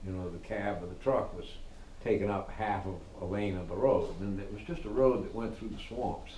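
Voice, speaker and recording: A man's voice: on the low side, a little fast. A middle-aged man telling a story in casual talk, laughing often and acting out what people said. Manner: animated, laughing, swearing, acts out quotes. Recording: echoey room with faint noise.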